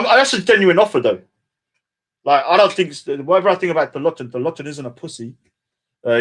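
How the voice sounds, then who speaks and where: A man's voice: medium pitch, a bit bright. Boastful man ranting on a livestream. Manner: boastful, taunting, swears often, trails off into mumbles. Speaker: livestream host. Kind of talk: casual livestream rant.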